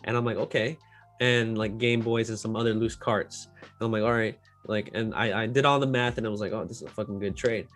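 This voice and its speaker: A man hosting a casual chat, speaking profanely with lots of filler words, mostly low-key with loud outbursts. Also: fairly even intonation, fairly quick, faint music behind. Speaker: host.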